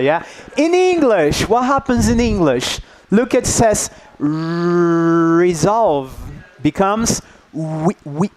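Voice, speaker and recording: Upbeat, high-voiced teacher trainer. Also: male voice. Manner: checks in often with "yeah?", coaxing and upbeat. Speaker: teacher trainer leading a workshop. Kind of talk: interactive workshop talk. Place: workshop room with an audience.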